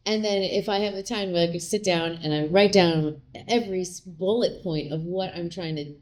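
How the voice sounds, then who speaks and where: A woman chats openly as a guest in an interview. Her voice sits a little low. She tells stories in a lively way and jumps into quoted lines of dialogue. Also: moderate pace. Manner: candid, animated, acts out quoted lines. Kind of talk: casual conversational interview.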